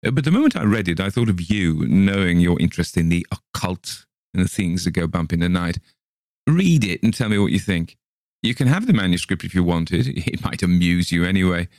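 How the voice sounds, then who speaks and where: A man voicing an eccentric, vague artist friend who hesitates and then warms up, with a very low gravelly voice. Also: expressive, brisk, dry recording, clean studio sound. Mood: hesitant.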